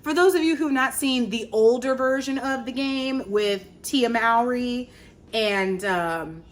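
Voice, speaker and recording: A woman in her thirties from Virginia, hosting a podcast in animated, casual, chatty storytelling. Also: a little high, unhurried. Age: 30s. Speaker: podcast host. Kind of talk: casual chat.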